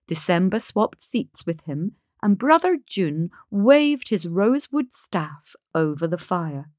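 A woman narrating a fairy tale in an expressive, measured way. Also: fairly low pitch, dry recording, studio quality. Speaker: storyteller.

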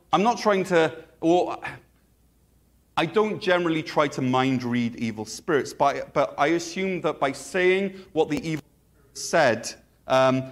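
Joking pastor, slightly higher voice. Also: male voice. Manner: conversational and joking, with playful asides. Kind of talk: sermon.

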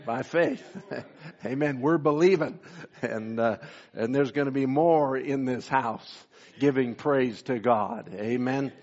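A man preaching a sermon, pausing often with fillers and reading scripture in old-style wording. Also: medium pitch, darkish tone, dull audio. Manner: slow, halting delivery with many fillers, reads scripture in King James wording. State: briefly emotional. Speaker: pastor.

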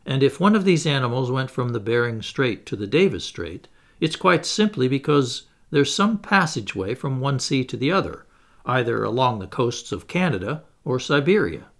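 A learned naturalist professor, patient and measured, gently lecturing his companions, as a man reads him in an audiobook. The voice is gravelly and rises and falls a lot. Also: medium pitch, very animated.

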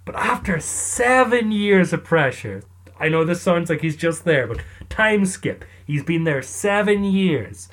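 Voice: mid-range voice, expressive, a little slow, a bit bright. A storyteller casually telling a true story in a chatty, wry way. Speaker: storyteller narrator.

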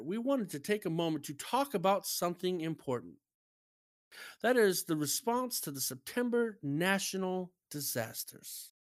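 A man co-hosting a casual podcast, reading out a listener message and the weekly news with lively emphasis. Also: on the high side, dry recording. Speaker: podcast co-host.

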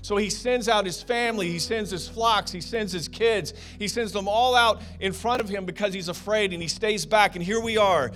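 A middle-aged man preaching a sermon, telling personal stories in a lively, conversational way and calling the congregation "guys". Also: high-pitched, normal speed, few pauses, slight background noise. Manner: storytelling, animated and conversational, addressing the congregation as "guys". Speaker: pastor.

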